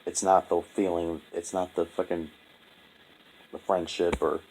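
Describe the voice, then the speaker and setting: A young man telling a painful personal story in a halting, profane, heavy-hearted monologue. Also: low voice, level tone, a little mellow, a little hiss or hum, poor audio. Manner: halting, profane, full of restarts and fillers. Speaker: vlogger.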